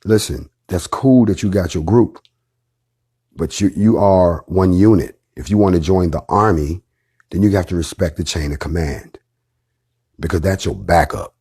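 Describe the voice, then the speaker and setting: A man's voice: low-pitched, moderate pace, a little mellow, husky. A middle-aged man leading an organization, talking to his followers in a casual, emphatic livestream with blunt slang and profanity. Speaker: organization leader addressing followers.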